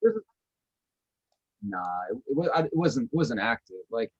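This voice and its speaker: Man from Wisconsin, podcast co-host, husky, laid-back, somewhat muffled audio. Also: medium pitch, lively intonation, normal speed. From Northeastern Wisconsin. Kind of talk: casual chat.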